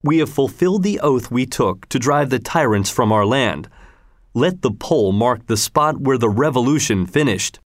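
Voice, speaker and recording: A man's voice: medium pitch, animated, moderate pace, no room sound, studio quality, natural voice. A man reading the lines of a steadfast heroic male folk leader in a storybook reading. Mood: resolute.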